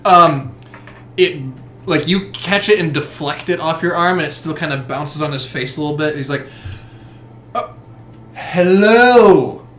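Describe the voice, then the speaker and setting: Man game master, animated, somewhat high voice, echoey room, faint hiss. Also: normal speed. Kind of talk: running a tabletop game.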